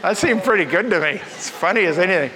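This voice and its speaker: A man with a notably high voice preaches a sermon from the pulpit, telling folksy stories with jokes. His voice carries a long reverb from a church auditorium. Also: animated, quick pace, crowd noise, background noise. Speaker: pastor.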